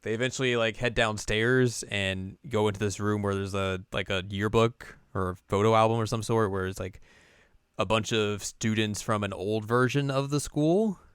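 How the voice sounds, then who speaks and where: A man co-hosting an anime recap show, retelling scenes in casual chat and jumping into squeaky voices for the characters. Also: normal speed, smooth, no echo, clean studio sound. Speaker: co-host recapping an anime episode.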